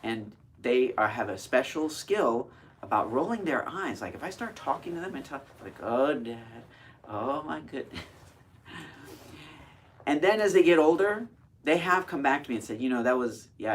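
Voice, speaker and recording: A man's voice: mid-range voice, lively intonation, fairly quick, fairly bright tone. A man in his forties, a cosmetic surgeon, earnestly explaining to camera with emphatic rhetorical questions.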